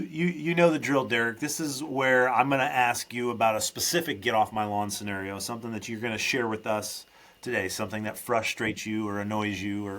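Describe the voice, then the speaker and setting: A man hosts a podcast in a loose, casual conversation. He rambles and restarts his sentences, then leans hard on his points. His pitch sits in an ordinary middle range for a man. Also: a bit bright. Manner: rambling, restarts often, emphatic. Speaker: podcast host.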